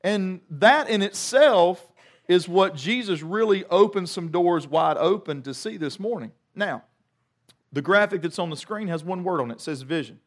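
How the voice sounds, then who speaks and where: A middle-aged man and pastor delivering a sermon as an animated storyteller who repeats words in bursts. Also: sits high, moderate pace.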